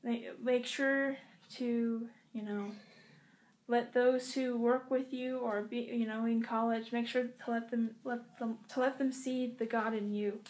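Young woman vlogger with a somewhat high voice, talking to camera in a halting, earnest way from a hotel room. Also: steady tone, darkish tone. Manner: halting and earnest, with many pauses and restarts. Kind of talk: casual heartfelt address to camera.

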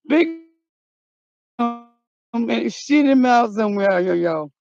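A man with a very high, gravelly voice, vlogging in a loud, theatrical comic style. His voice breaks into yelps and shouts, and the audio is dull and lo-fi. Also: lively intonation, slow, pauses often. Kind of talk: comedic outdoor vlog.

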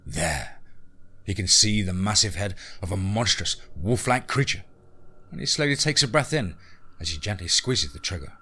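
A man's voice: low-pitched, expressive, normal speed, bright, forceful tone, husky. A man narrating a scripted horror story in a dramatic, tense present-tense reading.

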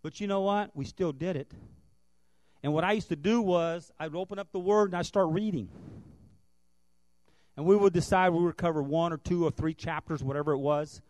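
Inside a church building, a guest pastor preaches a sermon, swinging between loud, earnest preaching and quiet, tender tones before leading a prayer. His voice is on the high side and moderately paced, in a dry recording.

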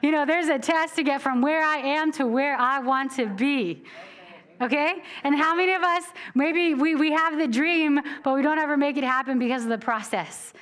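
A woman preacher giving a church sermon in a conversational, animated way, often laughing between points. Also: sits high, normal speed.

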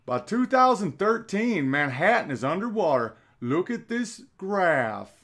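Give me a man impersonating a dim middle-aged politician with a generic Southern US drawl, pitched a touch high. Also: big pitch swings, measured pace, fairly bright tone, full character voice. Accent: generic Southern US, put on.

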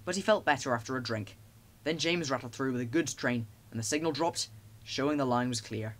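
A man narrating a children's storybook with a lively, expressive reading. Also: medium pitch, a little fast.

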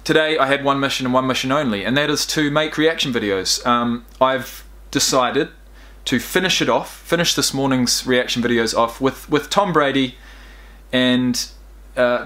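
A man's voice: mid-range voice, sharp tone. A young man hosting a reaction video, talking straight to his viewers in a rambling, emotional way. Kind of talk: casual reaction commentary.

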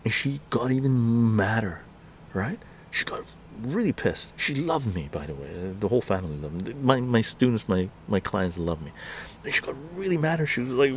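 A man's voice: lowish voice, very animated, normal speed, a little hiss or hum. A man hosting a live stream, telling a story in a heated, ranting way outdoors on a patio, often tagging his sentences with "right?". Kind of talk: casual political monologue.

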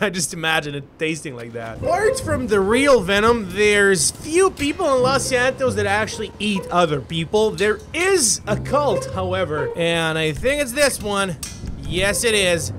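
A man commenting energetically on his own gameplay, often shouting and laughing as he plays. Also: high voice, lively intonation, normal speed, noisy background. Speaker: gaming YouTuber. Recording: music playing behind.

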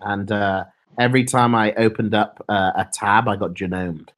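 A man's voice: fairly low pitch, fairly even intonation, normal speed, a bit bright. A young man streaming, chatting casually and reading his chat aloud in a laid-back, mumbling way.

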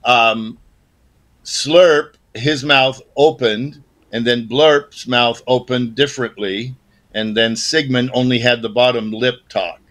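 A man in his sixties, a guest on a podcast, reminiscing in a relaxed way and trailing off softly. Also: medium pitch, slow. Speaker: guest, former child actor. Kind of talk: casual interview chat.

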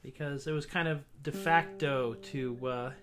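Man, mid-pitched, chatting wryly to his webcam audience, guitar in the mix. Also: fairly even intonation, unhurried. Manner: wry, self-deprecating, rambling. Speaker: singer-songwriter host. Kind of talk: casual solo livestream chat.

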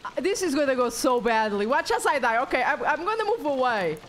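A woman live-streaming a horror game, with excitable, jokey commentary and plenty of swearing. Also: high voice, brisk, slight background noise.

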